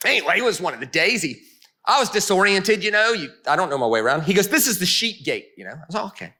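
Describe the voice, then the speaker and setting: A male pastor telling a Bible story in a lively, comic sermon before an audience. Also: high-pitched, racing. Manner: animated, comic, punchy. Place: meeting room before an audience.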